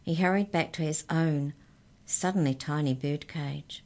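A woman reading a children's storybook aloud in a gentle, expressive narrating voice. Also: deep voice, measured pace.

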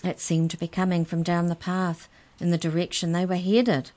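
Woman reading a story for kids, lowish voice. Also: level tone, moderate pace, darkish tone. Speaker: children's story reader. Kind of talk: reading a children's story aloud.

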